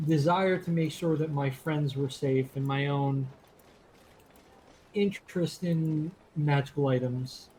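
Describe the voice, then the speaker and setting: A man's voice: fairly high pitch, takes it slowly, warm tone, slight background noise, low-quality recording. A man playing a tabletop game, speaking in character in a hesitant, sheepish, stumbling way. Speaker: player. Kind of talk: in-character role-play.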